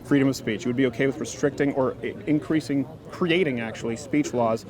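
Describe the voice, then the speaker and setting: A man's voice: mid-range voice, brisk, crowd noise. A man hosting an outdoor campus debate, asking pointed, probing questions. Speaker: debate host in a played clip.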